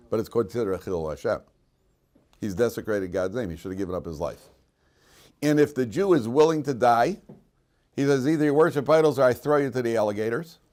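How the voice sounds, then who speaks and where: A man's voice: medium pitch, darkish tone. A middle-aged man, a rabbi giving an informal Torah lecture to students, who acts out voices in his stories and laughs at his own jokes. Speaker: rabbi teaching a weekly Torah class. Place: classroom at a Jerusalem yeshiva.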